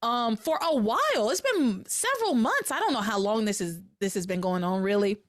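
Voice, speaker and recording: Lively woman recapping a soap. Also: a little high, moderate pace. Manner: animated, acts out quotes in character voices. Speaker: podcast host. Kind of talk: casual recap chat.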